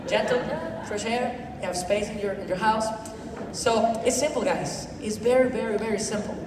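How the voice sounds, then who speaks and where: A man giving an energetic motivational talk at a sales event, repeating himself and dropping "you know" often, in imperfect non-native English. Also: high voice, normal speed. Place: event hall with audience. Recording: echoey hall from far off, noisy.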